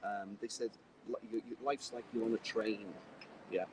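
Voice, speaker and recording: A man chatting casually on a stream, halting and repeating words as he talks. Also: lowish voice, fairly even intonation, background noise. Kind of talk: casual chat.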